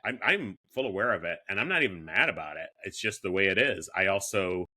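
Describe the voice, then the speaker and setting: 50s guy podcast host, self-deprecating, restarts a lot, bright tone. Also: low voice, very animated, a little fast. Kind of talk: casual chat.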